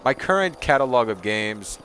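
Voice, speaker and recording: A man's voice: medium pitch, big pitch swings, normal speed. A man streaming a video game, chatting casually to viewers with lots of fillers and restarts. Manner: rambling, lots of fillers and restarts, laughs easily. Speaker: live streamer. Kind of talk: casual gameplay commentary.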